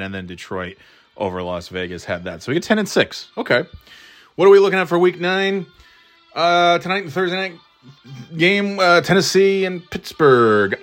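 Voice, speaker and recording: A man's voice: mid-range voice, fairly bright tone. A man rambling casually through his football picks, swearing and mocking himself, with many restarts. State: throat irritated, clearing it. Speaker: podcast host giving football picks.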